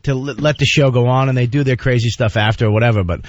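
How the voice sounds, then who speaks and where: A man's voice: mid-range voice, fairly even intonation, quick pace. Rambling man on a lo-fi radio broadcast. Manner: rambling, restarts, laughs while telling stories. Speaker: guest comedian. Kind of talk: casual radio chat.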